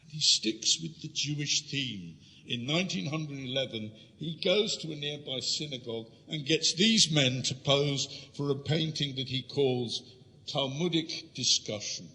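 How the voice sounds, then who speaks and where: A mid-range male voice, a little slow, belongs to a guest lecturer from London giving an illustrated history lecture. He brings the material alive through stories and direct address to his listeners, recorded in an echoing lecture hall.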